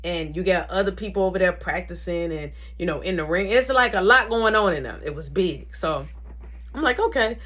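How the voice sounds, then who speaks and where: A woman recounts a story in a casual vlog style. Her voice sits slightly low but leaps up sharply when she gets animated, and her phrasing is loose and slangy. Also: brisk. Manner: animated, slangy storytelling with big pitch swings. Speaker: vlogger telling a story.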